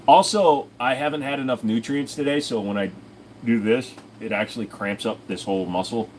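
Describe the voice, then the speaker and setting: A man's voice: medium pitch, moderate pace, slight background noise. A man hosting a casual livestream from home, answering chat questions in a crude, jokey way and often breaking into silly voices. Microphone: desk microphone.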